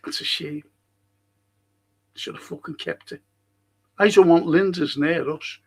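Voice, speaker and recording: A man's voice: on the high side, measured pace, a little mellow, breathy edge. A man hosting a casual live-stream fan podcast, talking bluntly, swearing freely and reading out viewer comments. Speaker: podcast host.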